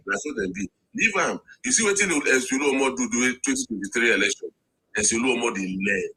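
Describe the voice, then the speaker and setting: Animated Nigerian man, mocking tone. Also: medium pitch, fast, husky, low-quality recording. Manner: emphatic, mocking, switches to Pidgin. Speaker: discussant. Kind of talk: heated street debate in Pidgin.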